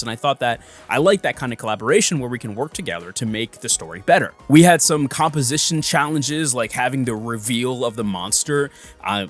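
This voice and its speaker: A man narrating a casual vlog about making his comic, animated and full of filler words. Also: mid-range voice. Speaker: comic artist vlogger.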